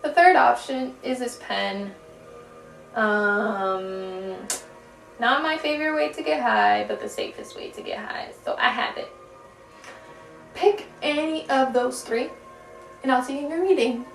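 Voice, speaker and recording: A young woman with a fairly high voice gives a casual tarot reading, chatty and giggly, swearing lightly and stretching words for emphasis. She sits a little back from the mic in an echoey room at home. Faint music plays behind her. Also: big pitch swings, unhurried, vocal fry, pauses often, fairly bright tone, far from the mic. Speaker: tarot reader.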